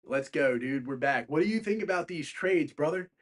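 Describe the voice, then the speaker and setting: A young man hosting a casual livestream about basketball trades, rambling, swearing often and getting heated and loud. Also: a little high, lively intonation, normal speed. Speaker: stream host.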